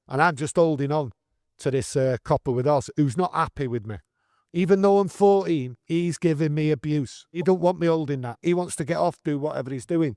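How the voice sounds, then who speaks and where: A man in his sixties with a Manchester accent, telling his story in an earnest, animated way with broad northern dialect. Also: on the high side, no echo, studio quality. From England. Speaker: guest storyteller. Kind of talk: casual storytelling interview.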